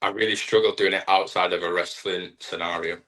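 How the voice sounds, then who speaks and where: A man's voice: deep voice, fairly even intonation, a little fast, fairly bright tone. A young man, a wrestler, chatting casually in an interview in a rambling, self-deprecating way. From Britain. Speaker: wrestler guest.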